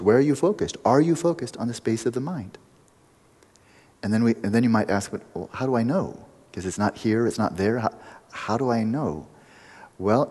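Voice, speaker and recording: Husky male meditation teacher, reverberant hall. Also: medium pitch, darkish tone. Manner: playful, joking asides within instruction. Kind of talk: retreat teaching talk.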